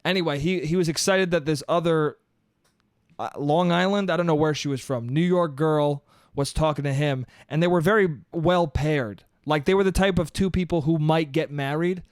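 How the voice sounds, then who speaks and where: A podcast host tells a comic story in an animated rush, swearing and tossing in "dude". His voice sits fairly high and sounds smooth and clean. It is recorded dry and close, with no room sound. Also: normal speed, dry recording. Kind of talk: comedic storytelling monologue.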